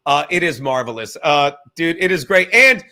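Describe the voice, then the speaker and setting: A man's voice: a little high, big pitch swings, moderate pace, pushed and bright. A man hosting a podcast, talking in a rambling, profane and jokey casual monologue. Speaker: podcast host.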